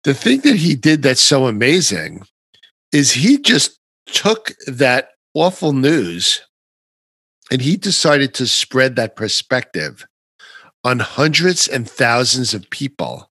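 A male podcast host talking in a casual, animated and emphatic way. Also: mid-range voice, takes it slowly, slightly rough, no room sound. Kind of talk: casual conversation.

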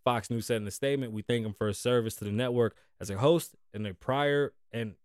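A man's voice: medium pitch, a little fast, darkish tone, no echo, clean studio sound. Profane, joking man hosting a podcast. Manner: profane, joking, loose and rambling. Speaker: podcast host. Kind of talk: casual podcast chat and reading news aloud.

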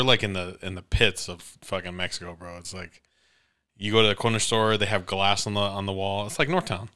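A man co-hosting a podcast, telling a story in casual chat, animated and profane, acting out the people he quotes. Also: lowish voice, clear, resonant tone. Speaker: podcast co-host.

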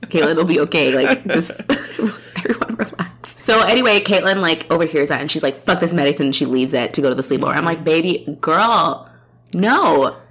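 A woman co-hosting a podcast, recapping a TV episode in casual chat, animated, laughing often and saying "like" a lot. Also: low-pitched, fairly quick, few pauses, husky. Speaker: podcast co-host.

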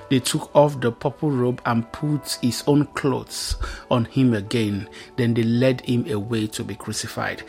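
A man preaching a Bible teaching sermon, reading scripture aloud and explaining it with emphatic repetition. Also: medium pitch.

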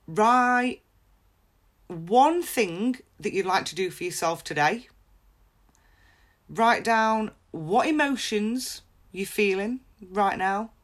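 Blunt, laughing woman. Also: medium pitch. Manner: blunt and frank, laughs often. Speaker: podcast host. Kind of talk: candid personal advice talk.

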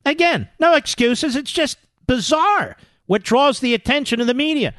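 A man hosting talk radio, combative and sarcastic, often slipping into mocking impressions of his critics. His voice sits high for a man and swings widely in pitch. The sound is dry and close, with no room around it. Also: lively intonation, normal speed, a bit bright, dry recording. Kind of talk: political talk radio monologue.

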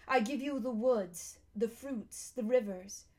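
A woman reading a storybook aloud and voicing a majestic, kindly male lion king, speaking slowly and solemnly. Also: a little high, darkish tone. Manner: slow, solemn, measured delivery.

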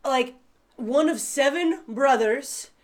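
A woman in a casual podcast chat, enthusiastic and quick to laugh and agree. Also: sits high.

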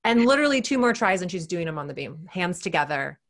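A woman gymnastics coach chatting on a podcast through an earbud mic, acting out quotes with big jumps in pitch. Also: big pitch swings, fast. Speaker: gymnastics mindset coach, guest. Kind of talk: casual podcast chat.

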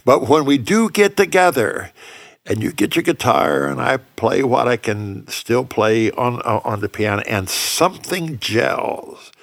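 A man's voice: medium pitch, animated, measured pace, gravelly, no room sound, studio quality. An older man, a pianist and songwriter, telling stories in a reflective, earnest way during a casual conversation.

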